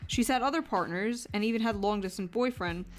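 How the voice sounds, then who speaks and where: A woman's voice: medium pitch, fast. A woman streamer giving playful, ironic reaction commentary and reading articles aloud. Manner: playful, giggly, ironic jokes.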